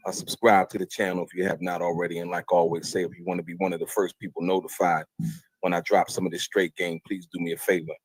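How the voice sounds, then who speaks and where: A man hosting a casual livestream, talking in a laid-back, unhurried way. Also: low voice, slightly rough, no room sound, rough recording. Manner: laid-back, with frequent fillers and restarts. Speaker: podcast host.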